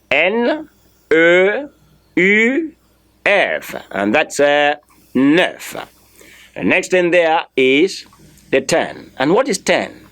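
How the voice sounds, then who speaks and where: A man's voice: fairly high pitch, a bit bright. A man teaching a French lesson, spelling words letter by letter and repeating them for learners to copy, firmly correcting common mistakes. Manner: slow, drilling repetition with spelled-out letters. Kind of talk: online language lesson.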